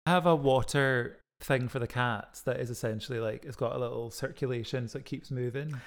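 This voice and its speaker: A man's voice: medium pitch, fairly quick. A man with a Scottish accent co-hosting a casual podcast chat, laughing easily and acting out people in his stories. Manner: chatty, laughs easily, mimics voices in anecdotes. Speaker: podcast co-host.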